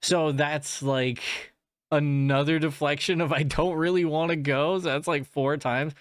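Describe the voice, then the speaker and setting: A man's voice: on the high side, fairly even intonation, unhurried, dry recording, studio quality. A man hosting a podcast, telling a story in a casual, rambling way, swearing often and laughing at himself. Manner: rambling and profane, with frequent restarts and filler; self-deprecating, laughing at himself. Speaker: podcast host.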